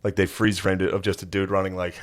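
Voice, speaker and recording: A man's voice: low-pitched, flat delivery, quick pace, no room sound. A man co-hosting a podcast, telling stories with dry, wry jokes. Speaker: podcast co-host. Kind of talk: casual podcast chat.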